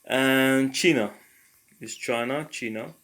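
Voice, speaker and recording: A man talking through a language lesson in a casual, halting way, pausing often to think aloud with fillers. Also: mid-range voice, background noise. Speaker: language learner and tutor.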